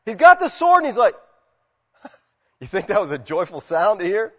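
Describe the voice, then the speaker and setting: A man preaching a sermon, animated, acting out quotes and swinging from loud shouts to quiet asides. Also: sits high, moderate pace. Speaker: pastor. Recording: muffled sound with long hall reverb.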